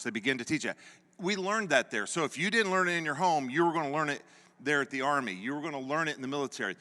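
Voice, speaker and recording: A man in his fifties gives a folksy sermon from a church sanctuary. His voice is bright and a little high for a man, and it rings out with long hall reverb. He laughs often and repeats phrases for emphasis. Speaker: pastor. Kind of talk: sermon with personal storytelling.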